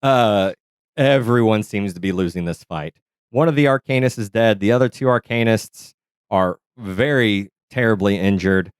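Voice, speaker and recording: A man's voice: fairly low pitch, moderate pace, clean tone, dry recording, clean studio sound. A man narrating a tabletop game as game master, describing scenes in detail and searching aloud for words.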